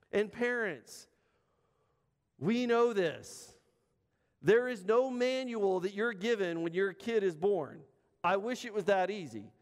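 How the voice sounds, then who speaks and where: Guy preaching a sermon, high voice, chatty with big pauses, church hall echo. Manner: conversational preaching with emphatic pauses. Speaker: pastor.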